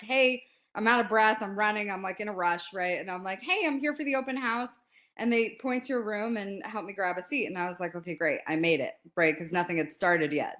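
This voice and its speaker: A woman in her forties, a podcast guest telling a story in a lively, casual way and acting out quotes. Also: fairly low pitch. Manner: animated, laughs often, acts out quotes.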